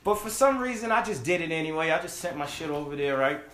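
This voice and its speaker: Animated man telling a story, echoey room. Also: fairly high pitch, quick pace, background noise. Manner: animated, acts out voices in quotes, swears freely. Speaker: podcast guest telling a story. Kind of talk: casual storytelling chat.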